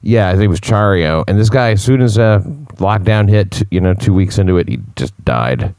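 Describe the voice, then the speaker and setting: A male stand-up comedian chatting as a podcast guest, dry and laid-back, with halting restarts. His voice is very deep. The recording is dry and close. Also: lively intonation, darkish tone, clean tone, no echo. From United States. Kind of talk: casual chat.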